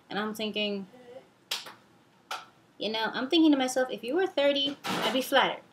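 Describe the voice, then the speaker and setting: Young woman vlogging a story, kinda high voice, stammers and restarts a lot. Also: moderate pace, long pauses, noisy background. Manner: hesitant, stammering. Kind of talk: storytelling monologue.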